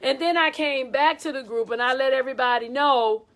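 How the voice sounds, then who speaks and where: A woman choir director giving a casual, animated teaching talk and acting out quotes as she tells stories. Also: high-pitched, fairly quick. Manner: animated storytelling with acted quotes.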